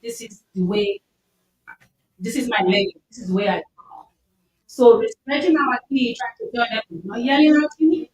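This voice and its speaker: Woman, emphatic community speaker, bit high, echoey hall, off-mic. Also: big pitch swings, moderate pace, pauses often. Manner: earnest, loud, emphatic, repeats herself. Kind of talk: informal talk to a mosque gathering. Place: mosque hall. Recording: echoey hall, distant mic, faint noise.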